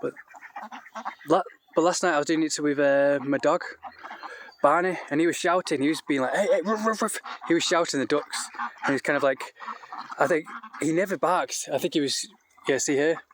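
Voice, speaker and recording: Man, casual farm vlog, rambling chatter, slightly high voice, coaxes the ducks, faint background hiss. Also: fairly even intonation, moderate pace, long pauses, fairly bright tone. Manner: rambling, chatty, with many restarts and fillers; talks to the animals in a higher, coaxing voice. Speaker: vlogger keeping poultry on a farm. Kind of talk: casual walk-and-talk vlog. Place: outdoors in a farmyard by a duck shed.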